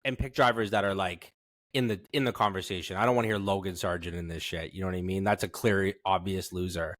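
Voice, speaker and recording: A man's voice: sits low, fairly even intonation, fast, a bit bright, no echo, clean studio sound. A man hosting a casual podcast, joking and cursing while he steers the conversation. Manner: joking, profane, steers the talk. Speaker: podcast host. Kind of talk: casual chat.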